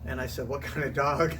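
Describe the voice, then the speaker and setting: A middle-aged man, a former teacher, telling a long casual story to interviewers, chatty and animated, swearing now and then. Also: on the high side. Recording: distant mic with faint room noise.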